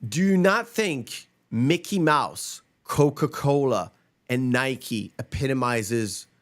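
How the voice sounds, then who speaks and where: A man's voice: medium pitch, animated, slow. A man hosting a podcast in casual chat, rambling and emphatic, swearing freely. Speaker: podcast host.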